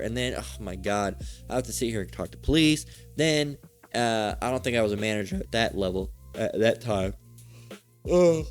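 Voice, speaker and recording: A man casually telling a personal story in a rambling, profane way, swearing often and restarting his sentences. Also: mid-range voice.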